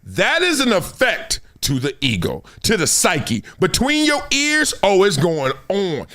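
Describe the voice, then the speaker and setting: A middle-aged Compton, Los Angeles man laughs often while hosting an animated live-stream sports talk show, voicing the people he quotes. He talks at a measured pace in a high-pitched voice.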